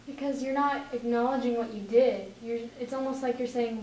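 A woman's voice: on the high side, steady tone, moderate pace, hardly any pauses, a little mellow. A woman student giving an answer in class. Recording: echoey room from far off, faint noise.

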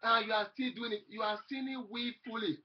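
A man's voice: extremely high pitch, steady tone, a little fast, muffled recording, slight background noise. A man preaching a fervent sermon, repeating phrases and quoting scripture aloud.

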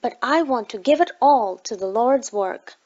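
A woman's voice: a little high, lively intonation, moderate pace, darkish tone, dull audio. A woman voicing a poor, very old woman who pleads in a trembling voice. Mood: pleading.

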